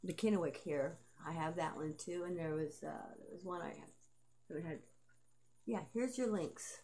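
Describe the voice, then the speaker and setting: A woman's voice: lowish voice, normal speed, dark tone, slight background noise. Rambling, swearing middle-aged woman. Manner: rambling, swears freely, laughs often. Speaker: vlogger and aspiring author. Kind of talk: rambling casual monologue.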